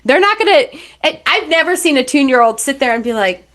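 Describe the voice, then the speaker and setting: A woman's voice: sits high, lively intonation, brisk, fairly bright tone. A young adult woman, a relationship coach, talking bluntly and animatedly in a candid podcast conversation, slipping into acted-out voices.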